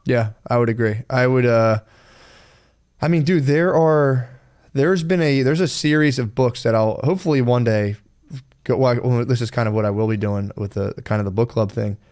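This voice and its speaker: A man's voice: mid-range voice, moderate pace, a little mellow. A man co-hosting a casual podcast, rambling and swearing freely as he talks through his own experiences. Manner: rambling, swears freely, quotes himself in other voices. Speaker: podcast co-host.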